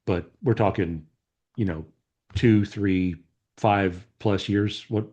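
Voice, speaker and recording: A man hosting a podcast, reacting and asking questions in a reflective, halting way. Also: fairly low pitch, fairly even intonation, a little mellow, breathy edge, dull audio. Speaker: podcast host. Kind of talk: interview questions.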